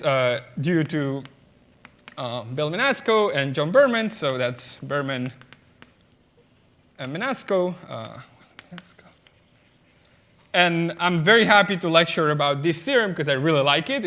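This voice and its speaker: A man's voice: on the high side, sharp tone. A man giving a mathematics lecture at a conference, explaining step by step with many fillers and often checking the audience with "okay?".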